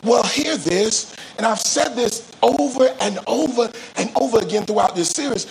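A male pastor preaching a sermon, calling on the congregation to repeat phrases and rising into shouts with a sing-song cadence. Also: very high voice, moderate pace, creaky, hardly any pauses, rough recording.

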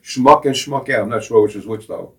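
A man's voice: medium pitch, a little fast, creaky, a bit bright, a little hiss or hum. A middle-aged man co-hosting a casual talk show, sarcastic and mocking, laughing at his own jokes. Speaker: co-host. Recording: voice from a distance off the mic.

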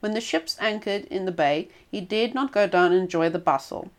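Female storyteller, reads a folk tale aloud, expressive, mid-pitched. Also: moderate pace. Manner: expressive reading with small restarts.

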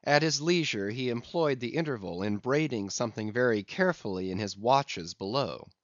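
Expressive man reading a classic sea story, muffled dry recording. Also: medium pitch, normal speed, no echo. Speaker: audiobook narrator. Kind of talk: scripted narration of a classic novel. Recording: dull lo-fi audiobook recording.

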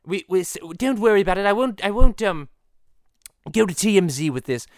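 A man voicing a pompous cartoon baby boy who stammers and speaks in soft, hesitant tones. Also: high voice, animated, fairly quick, no room sound, studio quality. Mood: timid apologetic. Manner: timid, stammering apologies.

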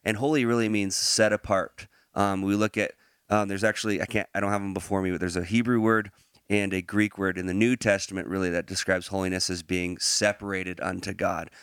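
A lower-pitched man hosts a podcast and eases from casual chat into a Bible teaching. He talks in a relaxed way, laughs readily and pauses on fillers and restarts. The sound is dry and close, with no room echo. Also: smooth.

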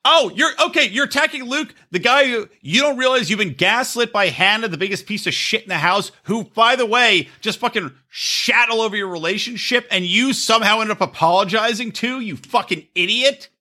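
A man's voice: sits high, fairly quick, hardly any pauses, sharp tone. A man co-hosting a podcast, ranting profanely about a reality show in casual chat and laughing often. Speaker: podcast co-host.

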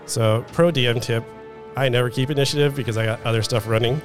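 A man running a live tabletop game as game master, relaxed and matter-of-fact. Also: medium pitch, quick pace, soft background music. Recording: long reverb of a convention hall.

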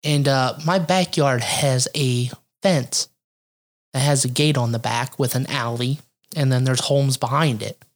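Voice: medium pitch, steady tone, a little slow. A podcast co-host from Ohio rambling through a casual story, cursing freely and laughing often. The delivery is loose and conversational, with fillers and restarts throughout. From Ohio, USA.

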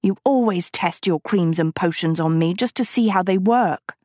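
A woman reading an audiobook, voicing a gruff, bitter teenage girl with curt, grumpy replies. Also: on the low side, normal speed, darkish tone, no echo, studio quality, natural voice. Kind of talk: audiobook character voice.

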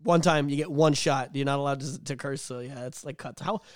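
A man's voice: mid-range voice, a little fast, no echo, clean studio sound. A young man co-hosting a podcast, telling profane stories in casual chat and acting out the voices of people in them. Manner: animated storytelling, profane, acts out voices. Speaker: podcast co-host.

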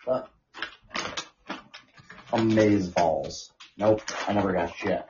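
A man's voice: low voice, slow, background noise. A man co-hosting a casual podcast, chiming in with easygoing, blunt agreement and short remarks. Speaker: podcast co-host. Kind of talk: casual chat. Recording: dull lo-fi sound.

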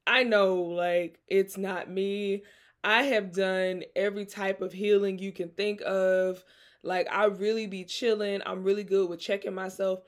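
With a steady tone at medium pitch, this young Mississippi woman speaks a little slowly in her Southern accent. She hosts her podcast as a loose, casual chat and laughs often.

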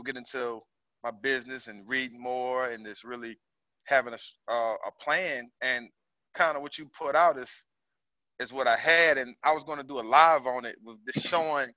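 Forceful man sharing haltingly on a call. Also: mid-range voice, no room sound. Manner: halting, many ums and restarts. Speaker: caller, small business owner. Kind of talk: casual sharing on a group call. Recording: dull lo-fi call audio.

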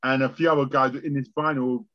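A man tells old war stories from his music days as a podcast guest. He is animated and blunt, swears freely and slips into the voices of people he talks about. The sound is dry and a little dull, with no room around it. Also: medium pitch, quick pace, dry recording. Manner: lively storyteller, swears freely, acts out conversations. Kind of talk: animated storytelling interview.

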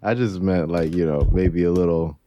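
A man's voice: low voice, steady tone, brisk, dark tone, lo-fi sound, a little hiss or hum. A man co-hosting a casual podcast, laid-back and wry, laughing along with his co-host.

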